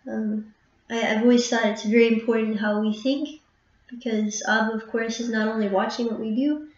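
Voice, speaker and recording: A woman musician in a halting, reflective personal monologue, emotional and full of pauses and fillers. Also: a little high, steady tone. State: emotional, near tears at times. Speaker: harpist and channel host. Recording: roomy, distant, dull recording.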